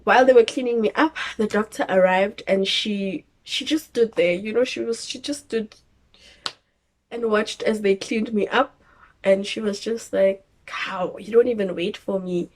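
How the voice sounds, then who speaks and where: A young woman with a South African English accent tells a personal story in a lively, casual way. She slips into acted voices and laughs at herself, and her pitch sits at a middle level for a woman. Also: measured pace. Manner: animated, acts out her own screams and quotes with laughter. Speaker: vlogger telling her birth story.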